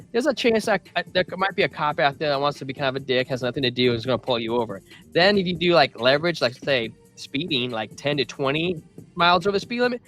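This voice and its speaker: A man's voice: a little high, fairly bright tone. A man co-hosting a casual crypto livestream, rambling and joking as he gives trading advice and reads chat messages aloud. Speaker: crypto show co-host.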